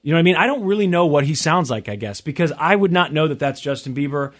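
A man hosting a talk show, chatting casually in a rambling, excitable way. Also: a little high. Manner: excitable, rambling, quick to interrupt. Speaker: radio show host. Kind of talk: casual studio chat.

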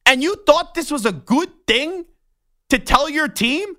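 Young male sports radio host, sharp tense tone, indignant and worked up. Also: extremely high pitch, animated, measured pace. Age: young adult. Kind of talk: heated talk-show rant.

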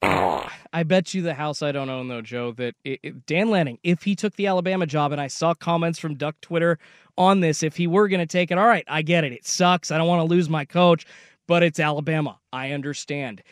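A man co-hosting a sports radio show, arguing his points in an animated, casual way. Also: on the high side, brisk, clear, resonant tone, no room sound, clean studio sound. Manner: animated, argumentative.

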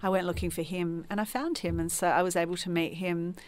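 A woman's voice: on the low side, steady tone, a little fast. A woman from Tasmania, a podcast guest, telling her personal story in an earnest, reflective way. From Tasmania, Australia.

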